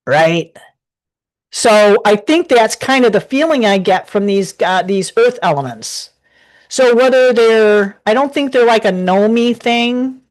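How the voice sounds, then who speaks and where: A woman's voice: fairly high pitch, animated, a little slow. A woman giving a casual live tarot reading from her desk at home, talking in a rambling, chatty way with many restarts. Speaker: tarot reader.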